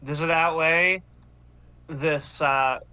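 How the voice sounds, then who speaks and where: A man playing a wary teenage girl, slow and bright. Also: on the high side, fairly even intonation, clear, resonant tone, heavily acted. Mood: earnest, probing. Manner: slow, earnest, probing questions. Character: wary teenage girl pressing a secret agent. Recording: muffled online call audio.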